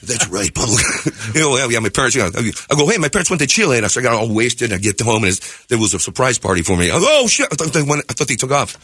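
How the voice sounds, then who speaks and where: Animated comedian man with husky voice. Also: medium pitch, fast talker, few pauses, no echo, clean studio sound. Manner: animated, jumps into character voices and laughs mid-story. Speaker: stand-up comedian guest. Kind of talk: rambling comic storytelling with voices. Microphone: studio microphone.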